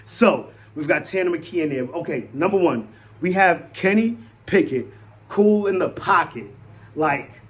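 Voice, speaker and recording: Excitable man giving fan postgame commentary. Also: unhurried. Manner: excitable, swings between loud hype and low mutters. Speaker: sports fan vlogger.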